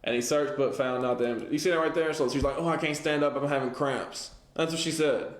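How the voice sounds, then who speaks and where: A man's voice: a little high, steady tone, fairly quick. A man teaching a casual Bible lesson, reading scripture and retelling it in everyday slang. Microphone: livestream setup. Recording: echoey room.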